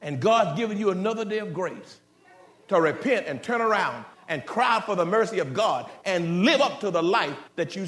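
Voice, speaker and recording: A man, a pastor, preaching a fiery Sunday sermon in a church, swinging between shouted climbs and low, slow warnings and speaking straight to his congregation. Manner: folksy, direct address to the congregation. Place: church sanctuary. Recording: roomy church echo.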